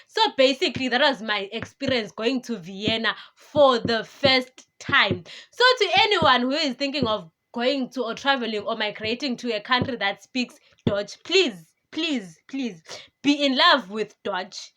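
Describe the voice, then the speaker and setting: A woman's voice: a little high, measured pace. A young woman, telling a story casually to her vlog viewers and acting out what people said. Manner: animated, chatty, acts out voices of others. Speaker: vlogger.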